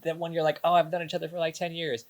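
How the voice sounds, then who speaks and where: A man's voice: fairly high pitch, completely flat delivery, very fast. A man co-hosting a casual podcast, talking emphatically, repeating phrases and acting out his own thoughts. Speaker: podcast co-host, dance company member.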